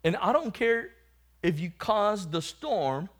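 A man preaching, telling his own testimony and rising from quiet storytelling to loud calls to the congregation. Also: high-pitched, sing-song, slow. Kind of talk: testimony sermon.

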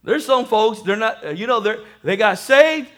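A male pastor preaching a sermon, animated, calling for amen and swinging between loud and hushed. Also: sits high, normal speed.

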